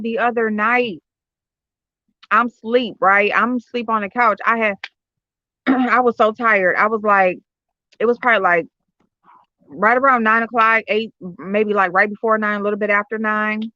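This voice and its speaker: This home livestream host has a fairly high, bright, forceful voice with fairly even intonation and a moderate pace. She chats with viewers indoors, telling loose, profane stories full of fillers. The audio has no echo but sounds slightly dull and lo-fi through her computer or phone streaming software.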